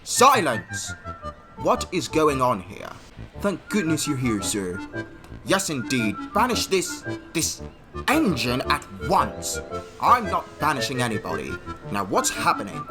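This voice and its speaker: A man's voice: mid-range voice, wildly swooping pitch, a little slow, music in the background. A man voicing a crowd of talking train engines in a fan audio drama, trading prim, squabbling lines as he switches between them. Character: several talking steam and diesel engines, all male.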